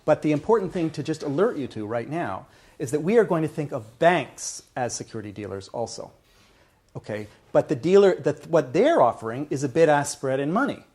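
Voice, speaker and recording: A man's voice: on the high side, big pitch swings, brisk, a little mellow, husky. A male lecturer explaining ideas step by step to a class, often checking in with "okay" and restarting phrases. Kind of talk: university lecture. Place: lecture hall.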